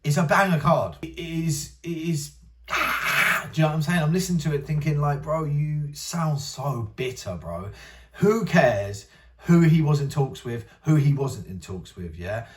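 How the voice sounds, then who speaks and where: A man's voice: on the high side, normal speed, far from the mic. A young man hosting a casual commentary channel, ranting in an exasperated, rambling way and mocking others in whiny voices. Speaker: MMA commentary channel host.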